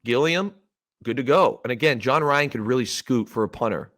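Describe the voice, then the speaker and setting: At a normal speed and in a mid-range voice, a former player hosting a laid-back sports podcast recounts a game story. He's a Canadian in his thirties, animated in the telling, and he performs the quoted lines himself.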